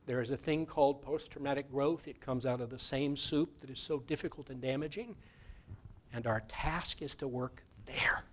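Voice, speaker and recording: A man giving a conversational sermon as guest minister in a church, moving between loud emphatic lines and soft guided meditation. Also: mid-range voice, moderate pace, a little hiss or hum. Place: church sanctuary.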